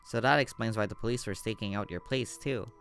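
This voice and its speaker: A man voicing a calm, polite male private investigator with a measured delivery. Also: lowish voice, gravelly, slight background noise.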